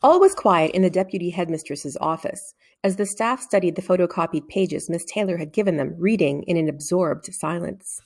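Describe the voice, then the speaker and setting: A woman reading a children's novel aloud in an expressive storytelling manner, shifting into character voices. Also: lowish voice, normal speed, few pauses. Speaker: reader. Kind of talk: children's book read-aloud.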